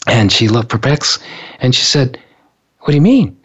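Husky man telling a personal story. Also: medium pitch, sing-song, normal speed, muffled recording. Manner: earnest, repeats words while recalling events. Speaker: author and speaker.

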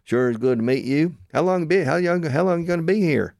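A man imitating a friendly, folksy Texan man with a drawn-out, sing-song twang. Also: on the high side, expressive, gravelly, a little mellow, dry recording, clean studio sound, pitched above the performer's own voice.

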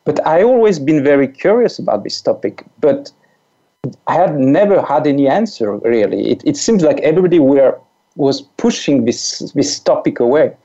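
A man's voice: a little high, expressive, normal speed, mellow. A man in his forties with a French accent, a guest chatting casually and often repeating words as he searches for them. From France. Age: 40s. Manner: repeats words, laughs as he talks. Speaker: podcast guest, life coach. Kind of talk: casual conversation. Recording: dull lo-fi audio.

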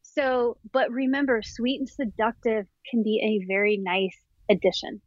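A woman's voice: fairly high pitch, no room sound. A woman sexologist giving frank, enthusiastic instructions on a podcast and laughing easily. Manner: candid, enthusiastic, quick to laugh. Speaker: somatic sexologist guest. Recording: dry, dull lo-fi podcast audio.

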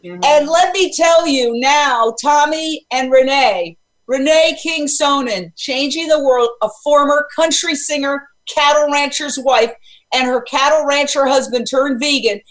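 A woman's voice: sits high, a little slow, low-quality recording. A woman hosting a live radio talk show, talking with emphatic, urgent conviction.

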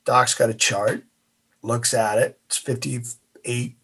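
A man's voice: medium pitch, little pitch movement, slow pace, fairly bright tone, husky. A man, a former navy officer, telling a story as a guest in an interview, acting out the voices.

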